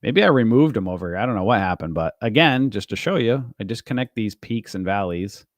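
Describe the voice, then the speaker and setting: A man's voice: fairly low pitch, animated, brisk, dry recording, studio quality. A man hosting a live day trading stream, explaining his charts casually with loose, rambling asides and fillers to his viewers.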